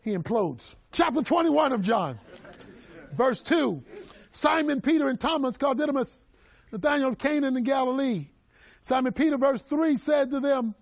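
Middle-aged male preacher, raised husky delivery, dramatic swings in volume. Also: very high voice, sing-song, moderate pace, no room sound. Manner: emphatic, swings between loud cries and hushed asides. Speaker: pastor. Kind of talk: preaching a sermon.

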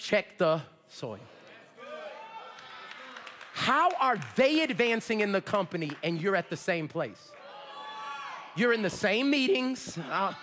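A man preaching a fervent sermon, calling on the congregation to repeat after him and rising to shouts. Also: very high-pitched, a little hiss or hum. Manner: fervent preaching with call-and-response, shouting at peaks. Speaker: pastor. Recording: long hall reverb.

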